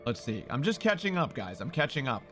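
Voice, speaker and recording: A man live-streaming who talks loudly and excitably, swearing and greeting viewers in chat. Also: medium pitch, a little fast, soft background music.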